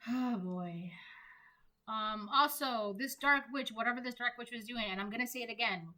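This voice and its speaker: A woman with a fairly high, bright, forceful voice talks through a tarot reading for her viewers. She rambles from one point to the next and peppers her talk with "right?" and "um". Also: normal speed. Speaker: tarot reader. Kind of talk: casual spoken tarot reading.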